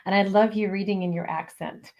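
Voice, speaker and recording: Enthusiastic woman co-host, mid pitch. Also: fairly even intonation, fairly quick, darkish tone. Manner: enthusiastic, rambling with fillers. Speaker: show co-host. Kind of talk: live interview show hosting. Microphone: video call.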